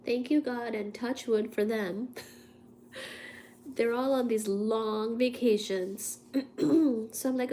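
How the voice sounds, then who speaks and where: A woman's voice: on the high side, steady tone, takes it slowly, pauses often, warm tone, slight background noise. A woman hosting a casual livestream while congested with a cold, chatty and laughing at herself between coughs. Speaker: livestream host.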